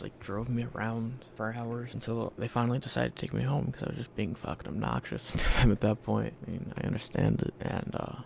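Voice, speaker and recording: A man's voice: mid-range voice, creaky, darkish tone, a little hiss or hum. A young man from Virginia casually telling his life story in a blunt, profane, candid way, acting out what people said to him. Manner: blunt, profane, candid, acts out quoted lines.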